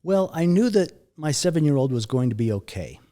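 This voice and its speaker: A middle-aged man recounting a near-death experience in an interview, halting and repeating words, his voice sinking low and quiet at the hardest moments. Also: big pitch swings. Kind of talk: emotional personal storytelling.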